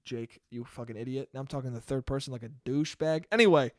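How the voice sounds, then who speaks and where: A man's voice: medium pitch, fast, no room sound, studio quality. A young man hosting a solo podcast, telling a rambling, profane, self-deprecating story in a casual monologue. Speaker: podcast host.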